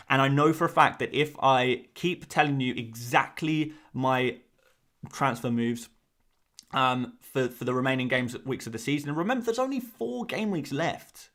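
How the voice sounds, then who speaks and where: A man's voice: medium pitch, animated, moderate pace, a bit bright. A man hosting a fantasy football live stream, talking casually to his viewers and often repeating himself as he rambles.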